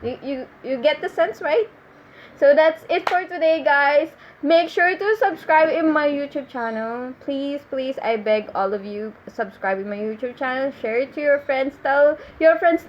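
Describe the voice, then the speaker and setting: A young Filipina woman with a Filipino accent chats through a comedy bit to camera, stopping and correcting herself as she goes. Her voice sits a little high. The recording is a touch muffled with a faint hiss underneath. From Philippines. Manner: halting, self-correcting, giggly asides. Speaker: vlogger doing stand-up. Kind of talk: casual comedic monologue to camera. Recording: slightly muffled with faint noise.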